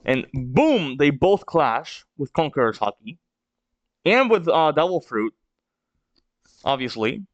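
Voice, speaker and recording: Excitable man narrating a manga read-along. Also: fairly high pitch, slow, long pauses, no echo, lo-fi sound. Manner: excitable, narrating with gasps and exclamations. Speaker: manga reaction channel host. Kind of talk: casual read-along reaction.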